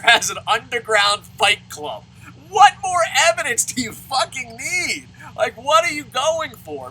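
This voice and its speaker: Loud, profane man ranting. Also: slight background noise, poor audio. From New Jersey. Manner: loud, swearing, laughing, swings into high shouts. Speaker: wrestling show reviewer. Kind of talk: profane animated ranting review.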